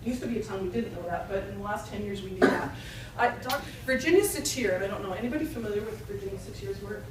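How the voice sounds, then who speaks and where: A woman's voice: medium pitch, fast talker, heavy background noise. A woman speaking to a retreat audience in a conversational, joke-telling way. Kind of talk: talk to an audience. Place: retreat hall. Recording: echoey hall, distant mic.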